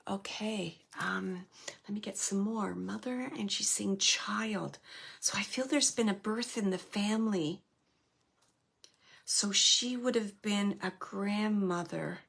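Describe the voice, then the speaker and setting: A woman's voice: mid-range voice, slow, vocal fry, fairly bright tone, slightly rough. A woman hosting a show and giving a live mediumship reading, searching for words with many restarts.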